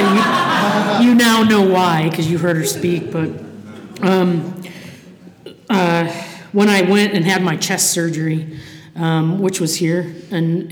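A speaker from the Cleveland area of Ohio, sharing her story from a podium at a recovery meeting, candid and full of swearing and restarts. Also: mid-range voice. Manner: candid and profane, with frequent fillers and restarts. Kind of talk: personal testimony from a podium. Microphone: podium microphone. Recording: echoey hall reverb.

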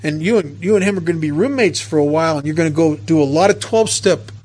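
A man's voice: on the high side, quick pace, darkish tone, lightly acted. A man playing God, folksy and coaxing. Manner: coaxing, folksy, repeatedly asks permission. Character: God, calm fatherly male deity making offers.

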